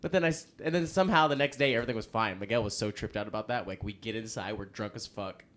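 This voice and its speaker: Over crowd noise, a young band frontman guesting on a podcast rattles off rambling stories at his own expense, laughing frequently. He speaks quickly in a fairly low voice.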